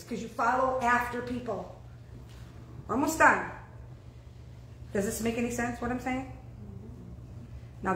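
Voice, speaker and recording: A woman pastor preaching a sermon, animated and throwing questions out to her congregation. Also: sits high, echoey room, rough recording.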